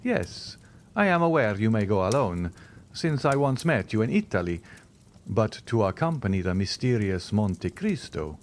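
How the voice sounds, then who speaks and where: A man reading the part of a mysterious, reserved count who speaks in a measured, sighing way. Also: on the low side, sing-song, a little hiss or hum.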